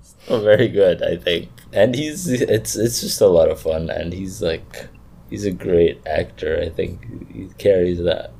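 A man's voice: sits low, unhurried, gravelly, dark tone, a little hiss or hum. A man co-hosting a podcast in casual chat. He talks in a laid-back way and hesitates with fillers. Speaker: podcast co-host.

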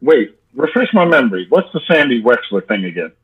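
Playful husky-voiced man, lo-fi sound. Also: medium pitch, very animated, brisk. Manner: playful, rambling, fond of nicknames. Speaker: musician guest. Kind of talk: casual interview chat. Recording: dull lo-fi sound.

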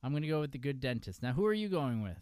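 A man's voice: mid-range voice, big pitch swings, rapid-fire, a little mellow, clear, resonant tone, dry recording, clean studio sound. A man from upstate New York with a New York accent, hosting a casual wrestling podcast, joking and laughing often. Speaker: podcast host.

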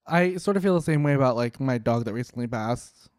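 A young man making casual, sarcastic reaction commentary, swearing and tossing off quick jokey asides. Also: medium pitch, lively intonation, darkish tone, smooth, no room sound, studio quality.

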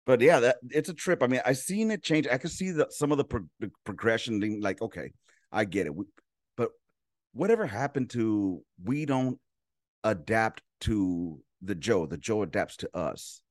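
A man's voice: on the low side, expressive, normal speed, dry recording, studio quality. A man from Los Angeles, a veteran hosting a casual chat, laid-back and profane while telling his stories. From Los Angeles, California. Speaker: podcast host, veteran.

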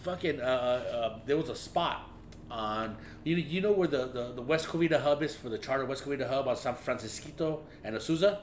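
A man's voice: mid-range voice, a little fast. A man telling profane stories in a casual chat, laughing often. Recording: echoey room with faint hum.

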